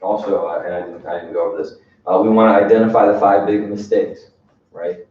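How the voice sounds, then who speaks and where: A man's voice: low-pitched, fairly even intonation, brisk. A man leading a sales training session in an emphatic coaching manner, often checking in with "right?". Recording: distant, echoey room, dull sound.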